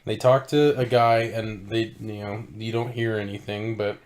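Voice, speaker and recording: A man's voice: lowish voice, steady tone, normal speed. A man co-hosting a podcast, chatting casually and laughing as he retells a film scene by scene. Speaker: podcast co-host. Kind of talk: casual chat.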